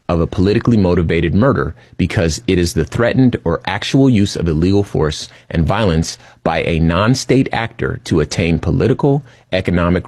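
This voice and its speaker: A man with a very low voice shares data in a relaxed, conversational way, using frequent fillers as he reads passages aloud. The sound is dry and close. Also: no room sound. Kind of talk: casual commentary reading data.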